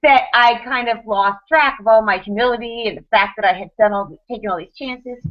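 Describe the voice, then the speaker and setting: A woman in her thirties on a podcast panel, telling a personal story in quick, animated bursts with restarts and laughs. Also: fairly high pitch. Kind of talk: casual storytelling chat. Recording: dull lo-fi podcast audio.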